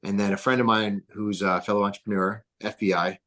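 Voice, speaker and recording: Podcast guest, man, lowish voice, excitable rambler full of fillers. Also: fairly quick. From New Jersey. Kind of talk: casual interview storytelling.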